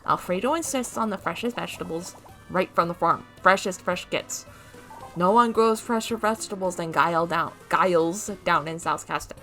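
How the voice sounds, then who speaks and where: A woman's voice: on the low side, moderate pace, pushed and bright, faint music behind. A woman voicing a fluffy male creature sous chef in a video game, who speaks of himself in the third person. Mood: eager, reassuring.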